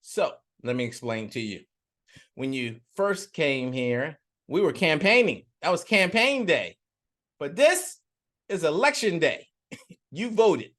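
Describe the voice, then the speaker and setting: A man voicing a sly, chuckling male devil in a low, hushed, teasing voice while telling a parable. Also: big pitch swings, takes it slowly, full character voice.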